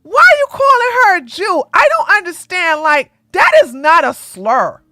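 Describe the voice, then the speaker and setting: A woman host doing live-stream commentary in an animated, sarcastic way, often breaking into laughter. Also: very high voice, normal speed, dry recording, studio quality, faint music behind.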